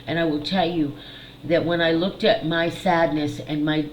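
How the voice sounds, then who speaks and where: A middle-aged woman, a psychic healer, talking candidly and haltingly to camera in a personal video, repeating words and swearing. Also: deep voice, steady tone, reverberant, slight background noise, poor audio. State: tearful at times. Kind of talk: emotional personal video monologue.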